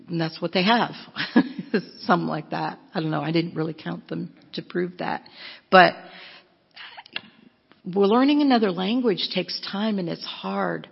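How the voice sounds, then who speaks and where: A woman's voice: on the low side, unhurried, gravelly, husky. A woman giving a chatty, self-mocking storytelling talk as a missionary speaker, laughing often. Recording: dull lo-fi with long hall echo.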